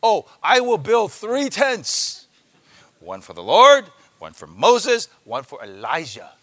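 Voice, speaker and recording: A man's voice: high voice, wildly swooping pitch, takes it slowly, pushed and bright, no echo, voice pushed up, exaggerated voice. A man preaching voices the disciple Peter as an overeager, impulsive man making emphatic proclamations. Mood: eager.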